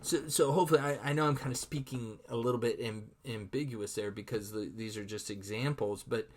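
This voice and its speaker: A man at an ordinary middle pitch talks a little fast through a recorded online lesson, loose and conversational. He often stumbles over and repeats words, and says his inner thoughts aloud as he goes.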